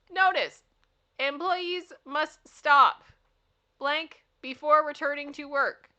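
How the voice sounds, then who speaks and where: A woman's voice: medium pitch, bright, forceful tone. A woman hosting a casual livestream, reading funny signs aloud, giggling playfully and talking back to her chat. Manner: giggly and playful, often laughing. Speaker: livestream host.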